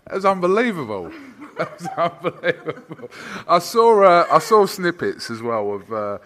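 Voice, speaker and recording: Guy hosting a sports chat, bright voice, jokey and teasing. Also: fairly high pitch, big pitch swings, normal speed. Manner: teasing, playful banter. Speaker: sports interviewer. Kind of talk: casual interview chat.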